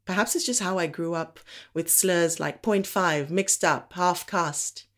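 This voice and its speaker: A woman performing a spoken word monologue from Africa, with a measured, deliberate delivery and slow emphatic pauses. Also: on the low side, a bit bright.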